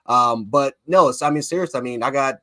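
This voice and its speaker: Here is a man from Buffalo, New York, co-hosting a casual sports talk show. He talks very quickly and excitably, often rambling, at an average pitch. The recording is close and dry. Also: no echo. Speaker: co-host, fan panelist.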